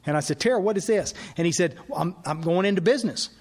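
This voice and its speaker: A man, speaking at a recovery workshop as an animated storyteller who acts out the dialogue. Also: sits high, quick pace. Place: workshop hall.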